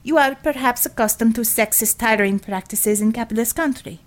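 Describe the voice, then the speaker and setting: A woman's voice: a little high, a little fast, natural voice. A woman voicing a blunt, proud Russian woman commissar with a Russian accent, speaking in clipped phrases without articles in an audiobook. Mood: stern. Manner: clipped, drops articles, formal. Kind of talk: audiobook character voice.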